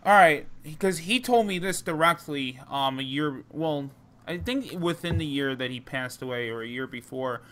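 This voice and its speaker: A podcast co-host with a New Jersey accent tells wrestling-business stories in loose, rambling casual chat, full of fillers and restarts. His voice is a little high and a bit bright at normal speed, with a little hiss or hum.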